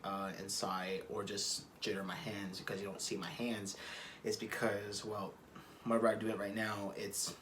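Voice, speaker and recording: A man's voice: fairly low pitch, a bit bright, a little hiss or hum. A man talking casually to camera from a room at home, rambling and cursing as he digresses. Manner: rambling, profane, restarts and digressions. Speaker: vlogger.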